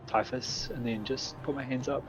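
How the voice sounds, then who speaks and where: A man playing a tabletop game who states his character's actions in a deliberate way. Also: medium pitch, steady tone, over music. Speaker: player. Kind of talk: casual tabletop play. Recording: dull lo-fi mic.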